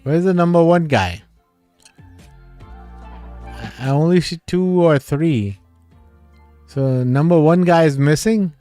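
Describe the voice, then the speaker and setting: A man hosts a casual livestream, reading his viewers' comments aloud and chatting back at a slow, unhurried pace. He laughs often. His voice is close and dry, with faint music playing underneath. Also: a little high, mellow, no room sound. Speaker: livestream host reading chat. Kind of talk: casual live chat with viewers.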